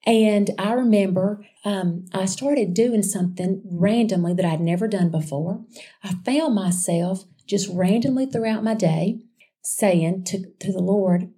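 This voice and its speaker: A woman sharing a personal faith testimony in a chatty, animated storytelling way, calling her listeners y'all. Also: medium pitch, a little slow. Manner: chatty and animated, addressing listeners as y'all, with frequent restarts and asides.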